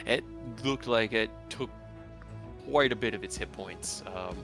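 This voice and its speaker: A man narrating as dungeon master of a tabletop game, describing combat in lively detail. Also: on the low side, measured pace, gravelly, music in the background.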